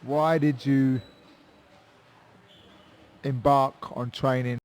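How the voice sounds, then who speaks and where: A man hosting a casual interview, asking his guest how he started and teasing him with quick jokes. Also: medium pitch, fairly even intonation. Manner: joking, teasing asides. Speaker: interview host, coach.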